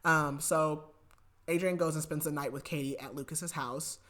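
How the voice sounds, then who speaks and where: A woman's voice: sits low, steady tone, moderate pace, fairly bright tone. A woman podcast host casually retelling a book's plot, chatty and full of fillers. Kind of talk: casual book recap.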